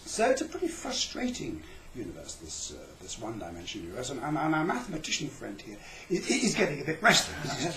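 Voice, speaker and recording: A man's voice: a little high, huge pitch swings, quick pace, echoey room, slight background noise, low-quality recording. Rambling, chatty male lecturer. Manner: rambling, chatty, with self-interrupting repetitions. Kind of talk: comic lecture.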